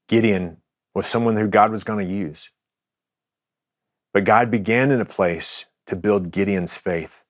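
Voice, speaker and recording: A man's voice: sits low, no room sound, clean studio sound. A man preaching a sermon as the pastor, in a conversational style with frequent restarts and asides to the congregation.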